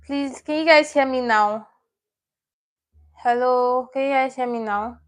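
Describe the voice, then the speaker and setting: Unhurried and slightly high-voiced, a woman leads a live-stream lesson online. She chats along, repeating words and catching her own slips, and reads aloud the names and comments her viewers send in.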